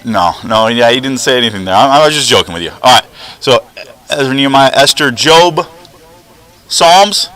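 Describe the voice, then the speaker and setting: A man teaching a junior high class, upbeat and coaching as he calls on students one by one. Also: expressive, sharp tone, poor audio. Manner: upbeat, coaching, quick back-and-forth with students. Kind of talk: classroom lesson. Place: school classroom.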